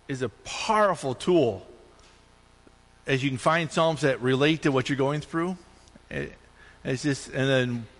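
A male pastor delivering an animated sermon, his voice climbing high on points of emphasis. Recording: long hall reverb.

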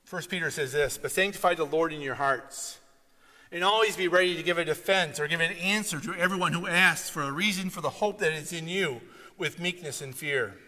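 A man preaching a sermon, telling stories with animated delivery and sudden loud outbursts. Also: fairly high pitch, a little fast. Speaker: pastor. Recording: long hall reverb.

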